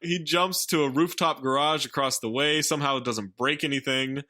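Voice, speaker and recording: A man co-hosting a podcast, briskly recapping a film's plot with wry asides. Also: a little high, bright, forceful tone. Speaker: podcast co-host recapping the film. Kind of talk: casual chat, rapid plot recap.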